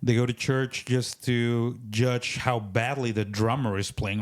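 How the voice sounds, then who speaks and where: A man, a podcast guest in casual faith talk, who acts out complainers in quick put-on voices. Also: mid-range voice, steady tone.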